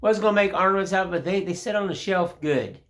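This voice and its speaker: A man's voice: sits high, fast talker, fairly bright tone. Rambling folksy older man. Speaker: woodcarving channel host. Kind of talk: casual tutorial chat.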